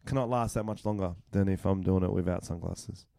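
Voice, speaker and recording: A man's voice: sits low, fairly quick, vocal fry, mellow, no room sound, studio quality. A young Australian man co-hosting a comedy podcast, cocky and crude, joking and laughing through casual banter. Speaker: podcast co-host, stand-up comedian.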